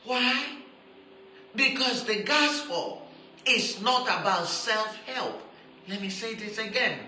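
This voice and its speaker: A woman preaching a sermon who stresses her points by repeating them and turns soft and intimate when she appeals to her listeners. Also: on the high side, takes it slowly, roomy sound, slight background noise, poor audio. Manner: emphatic, repeats key phrases for stress.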